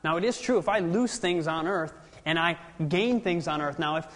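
A man reading scripture slowly and deliberately, then explaining it in a bible study. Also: on the high side, fairly bright tone, big-room sound.

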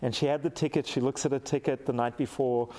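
Middle-aged male pastor from Africa, animated storyteller, mid-range voice. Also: medium pitch, fast talker. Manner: animated storyteller, acts out quoted lines. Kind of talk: sermon with storytelling.

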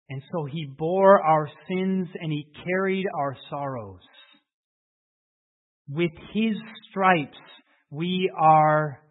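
A man preaching a sermon, telling a story and then making emotional appeals that swell and drop to hushed prayer. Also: on the high side. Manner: emotional, rising to fervent appeals and dropping to hushed tones. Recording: tinny phone-like audio.

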